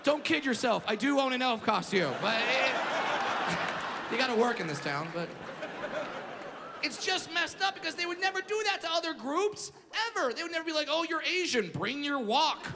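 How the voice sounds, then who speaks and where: A male stand-up comedian on stage, ranting brashly with profanity and bursts of shouting. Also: very high voice, big pitch swings, normal speed, a loud crowd. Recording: echoey hall, audience noise.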